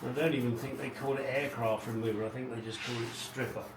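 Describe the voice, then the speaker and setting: A man's voice: medium pitch, fairly even intonation, fast. Middle-aged man rambling in an echoey garage. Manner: rambling, wry, muttering asides. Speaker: car restoration vlogger. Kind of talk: casual workshop narration. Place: home garage, indoors. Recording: echoey garage, distant mic, background noise.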